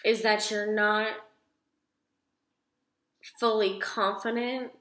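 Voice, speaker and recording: A woman's voice: medium pitch, level tone, slow, fairly bright tone. A young woman reading tarot cards in a casual video from home. She talks in a chatty, emphatic, gushing way with some casual swearing. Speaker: tarot card reader. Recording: echoey room.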